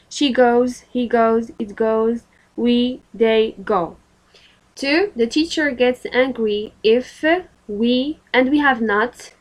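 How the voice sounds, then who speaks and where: A woman's voice: fairly high pitch, fairly bright tone, poor audio. A woman with a Moroccan accent teaching a recorded English grammar lesson, explaining patiently with frequent fillers.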